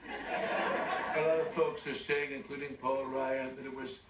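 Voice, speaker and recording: A man's voice: mid-range voice, flat delivery, unhurried, a little hiss or hum, lightly acted. Man doing a pompous president impression, breathless, rambling, distant mic, echoey studio. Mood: boastful. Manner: pompous, self-praising, rambling asides. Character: boastful male president, bragging and rambling. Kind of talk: sketch comedy impression. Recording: roomy studio, from off mic, loud audience laughter.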